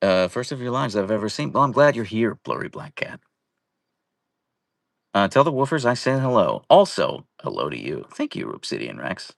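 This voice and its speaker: Young man, casual live stream host, jokey and animated, low-pitched. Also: moderate pace, gravelly, no echo, studio quality. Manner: playful, jokey, greeting viewers by name. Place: at home, indoors.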